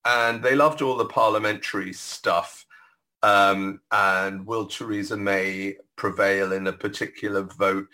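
A man's voice: fairly low pitch, steady tone, a little slow, sharp tone, low-quality recording. A British man telling political anecdotes as a podcast guest, digressive with wry asides. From Britain. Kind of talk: podcast discussion.

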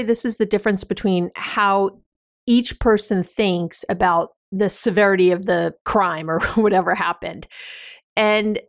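A woman's voice: medium pitch, dry recording, studio quality. A woman hosting an advice podcast, explaining in a casual, conversational way with everyday examples and frequent fillers. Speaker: podcast host.

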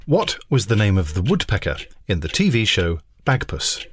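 A man's voice: lowish voice, huge pitch swings, normal speed, fairly bright tone, breathy edge, no room sound. A man co-hosting a comedy quiz podcast, trading dry, playful banter and reading out general knowledge questions. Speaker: podcast co-host, quizmaster.

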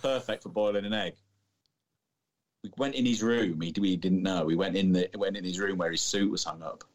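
A man's voice: low-pitched, moderate pace. A man co-hosting a podcast, teasing his partner and telling rambling anecdotes with frequent restarts. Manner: rambling, teasing, restarts while recalling details. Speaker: podcast co-host.

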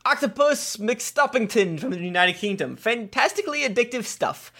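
A man's voice: very high voice, animated, normal speed, gravelly, bright, forceful tone. A man co-hosting a podcast, reading listener reviews aloud with jokey asides and stumbles. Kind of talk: casual chat.

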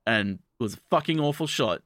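A man casually recapping an anime plot for a podcast, jumping into quick character voices as he goes. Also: mid-range voice, dry recording, studio quality. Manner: animated, acts out characters' lines in quick voices.

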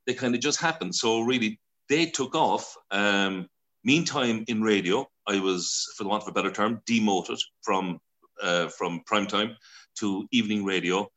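An Irish man in his sixties, a broadcaster telling stories as an interview guest, chatty and quick to laugh, acting out voices as he goes. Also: on the low side, a bit bright. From Ireland. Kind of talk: casual storytelling interview.

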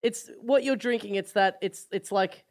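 A man's voice: high-pitched, normal speed. A man from Melbourne, guest comedian on a casual comedy podcast, dry and teasing with a touch of awkwardness. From Melbourne, Australia.

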